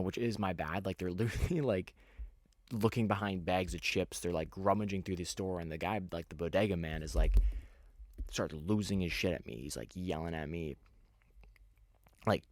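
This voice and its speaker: A man's voice: low-pitched, a little mellow, no echo, studio quality. A young man hosting a podcast, telling a rambling story in casual chat, full of fillers and restarts. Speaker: podcast host.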